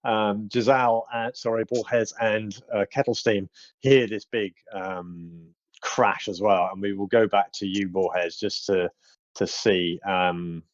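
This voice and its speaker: Halting game master, dry dull sound. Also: male voice, lowish voice, fairly even intonation, no echo. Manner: halting, full of ums and restarts. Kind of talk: narrating a tabletop game.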